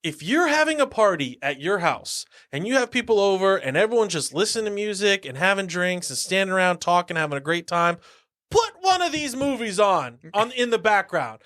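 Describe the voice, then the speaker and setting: A man's voice: high-pitched, big pitch swings, fairly quick, fairly bright tone. A man in his forties co-hosting a podcast, chatting casually and acting out movie lines with lots of laughter. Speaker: podcast co-host. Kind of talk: casual chat.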